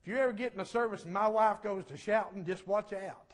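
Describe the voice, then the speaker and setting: Fervent preacher man, high voice. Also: quick pace. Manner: fervent, rising to shouts then dropping to a low hush. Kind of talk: sermon testimony.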